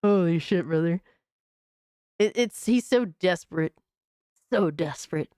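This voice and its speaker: A woman's voice: fairly low pitch, lively intonation, measured pace, darkish tone, smooth, dry recording, studio quality. A woman hosting a gaming stream, mocking a video in casual, profane reaction commentary. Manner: mocking, profane, laughs at the clip.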